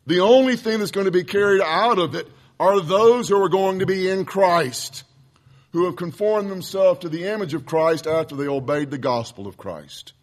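Brief: preacher, high-pitched man, blunt and fired up, reading quotes then arguing back. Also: normal speed. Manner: impassioned, blunt, addresses listeners as folks. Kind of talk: sermon lesson.

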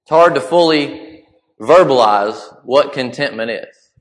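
A man delivering a sermon in a conversational, halting way with frequent restarts. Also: medium pitch, animated. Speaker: preacher. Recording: long hall reverb.

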